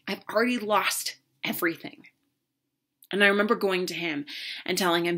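Bright-voiced earnest woman coach. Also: on the low side, moderate pace, pauses often. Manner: earnest, heartfelt storytelling. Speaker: relationship coach. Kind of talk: personal story talk to camera.

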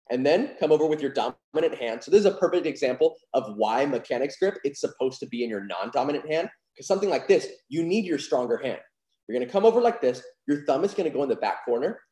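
A man's voice: mid-range voice, mellow. A young man casually teaching card handling, upbeat and chatty, full of "like" and "super cool". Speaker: magic instructor. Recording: roomy echo.

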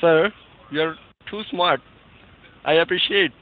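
A man's voice: on the high side, unhurried. A man with an Indian accent on a phone call as a tech support caller, insistently repeating "sir" and "hello". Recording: tinny phone line.

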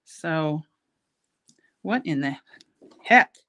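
A woman's voice: low voice, expressive, very slow, pushed and bright. A middle-aged woman leads a casual beading tutorial from her shop. She chats freely between steps and pokes fun at herself as she works. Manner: chatty, self-mocking, laughs at her own jokes. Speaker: host, bead shop owner teaching a craft. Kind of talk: casual craft tutorial with chatty asides.

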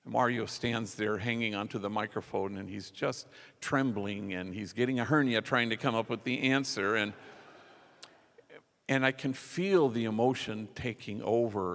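A man's voice: medium pitch, a little slow, creaky, a bit bright. A man preaching a sermon as a conversational story, acting out the quotes of the people in it. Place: large church. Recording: long church reverb.

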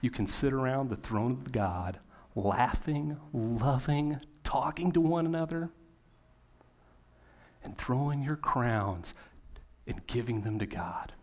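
A man, a pastor, preaching a sermon in a conversational way, with rhetorical questions and emphatic pauses. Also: mid-range voice, expressive.

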